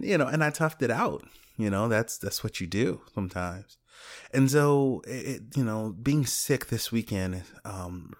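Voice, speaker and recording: Chatty low-voiced man telling a story. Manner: animated, laughs often, acts out quotes. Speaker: teacher telling a personal story. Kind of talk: casual storytelling monologue.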